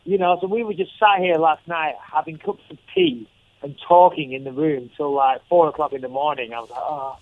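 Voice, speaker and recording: A man's voice: a little high, a little fast, dry recording. A man, a fighter calling in for a casual interview, swearing freely and joking in an upbeat way. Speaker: fighter guest on the phone. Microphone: phone. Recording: tinny phone line.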